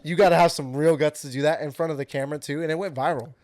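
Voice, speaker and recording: A young man co-hosting a podcast in casual chat, laid-back with quick slangy replies. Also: fairly high pitch, fairly even intonation, darkish tone, dry recording, clean studio sound. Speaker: podcast co-host.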